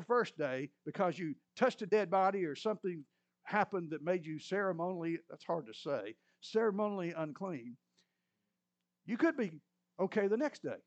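A middle-aged male preacher with a notably high voice retells scripture in a folksy, chatty sermon. He now and then clears his throat between lines, keeping an easy storytelling flow. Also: muffled recording.

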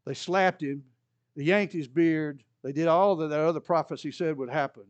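At a normal speed, a male pastor narrates scripture during his sermon, voicing each character and raising his pitch for the quotes. The recording is dry and the audio sounds dull.

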